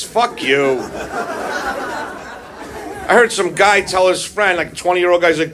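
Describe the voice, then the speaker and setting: A stand-up comedian performs a profane, confrontational set live on a club stage, holding a handheld mic and landing aggressive punchlines. His voice is high-pitched with lively intonation at a moderate pace, and loud crowd laughter fills the recording.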